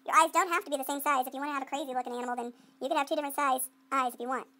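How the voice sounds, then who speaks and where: A woman art teacher walks through a clay demonstration in a playful, chatty way, thinking aloud to herself as she works and quizzing students in call-and-response. Her high voice is bright and forceful, with a steady tone, and she talks at a racing speed.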